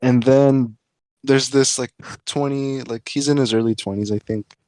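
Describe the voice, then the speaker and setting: A man's voice: mid-range voice, steady tone, moderate pace, a little mellow, no echo. A young man guesting on a casual podcast, telling a story in an easygoing way with lots of fillers. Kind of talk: casual chat.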